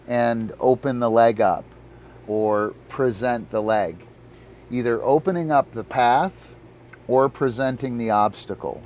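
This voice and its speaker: A man's voice: mid-range voice, measured pace, darkish tone. A man with a mid-range voice walks viewers through disc dog technique on a live stream, taking his time over every point. He rambles loosely with lots of fillers and keeps turning aside to talk to his dog. Faint noise hums in the background. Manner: rambling, full of fillers, talks to his dog between explanations. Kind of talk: casual live-stream coaching.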